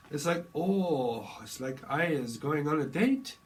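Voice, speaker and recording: A man's voice: fairly high pitch, animated, slow pace, hardly any pauses. Rambling, jokey man reading tarot. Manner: jokey and rambling, slips into silly voices and snatches of song. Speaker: tarot reader.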